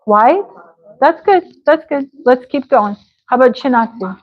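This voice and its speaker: American woman teaching english live, slow and encouraging, kinda high voice, muffled audio. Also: animated. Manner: encouraging, slows to sound out words. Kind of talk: live pronunciation class. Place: online class.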